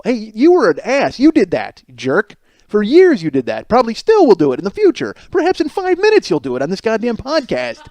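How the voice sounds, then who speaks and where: A man's voice: sits high, darkish tone, no room sound. A man in his forties hosting a comedic podcast, rambling, swearing and mocking himself. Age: 40s. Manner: rambling, profane, self-mocking. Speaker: podcast host. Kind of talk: solo comedic podcast monologue.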